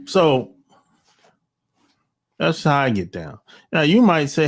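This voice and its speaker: This American man vlogs into his phone, giving casual opinions in a blunt, slangy way and tossing in mocking remarks. He speaks at a fairly high pitch with big swings, drawing out words and pausing often.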